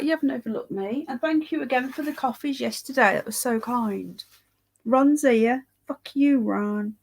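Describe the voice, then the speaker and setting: A woman's voice: a little high, gravelly. A tired, yawning woman hosts a casual livestream, rambling chattily, greeting viewers by name and swearing now and then. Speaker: livestream host reading live chat.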